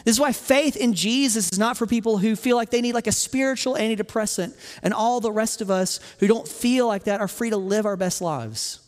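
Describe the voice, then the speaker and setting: A man preaching a sermon as pastor, moving from hushed storytelling to loud exclamations. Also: sits high, brisk, hardly any pauses, big-room sound.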